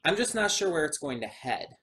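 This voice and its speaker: A man's voice: fairly high pitch, big pitch swings, a little fast, fairly bright tone, slight background noise. A man hosting a reaction video who talks casually and thinks aloud in a chatty, meandering way. He sounds a bit drowsy and keeps yawning. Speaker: anime reaction host. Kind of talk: casual spoken commentary for a video audience.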